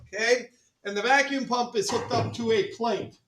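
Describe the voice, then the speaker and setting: A male chemistry teacher running a classroom demonstration, joking with students, repeating "all right" and calling the class ladies and gentlemen. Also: very high voice, fairly even intonation, moderate pace, a little hiss or hum. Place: school classroom. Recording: echoey classroom from far off.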